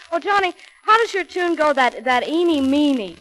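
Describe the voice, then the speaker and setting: Very high, bright giggly woman. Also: expressive, low-quality recording. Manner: bright, giggly, quick lines. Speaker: singer and guest. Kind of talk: 1940s radio variety banter. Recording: 1940s radio broadcast with faint music.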